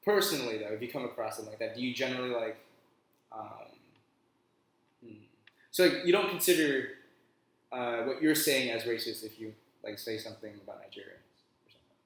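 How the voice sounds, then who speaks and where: A man's voice: mid-range voice, lively intonation, brisk, long pauses. A man of about twenty co-hosting a podcast in a giggly, rambling, self-mocking way. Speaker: co-host. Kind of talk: casual podcast chat. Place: college house room. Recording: echoey room, far from the mic.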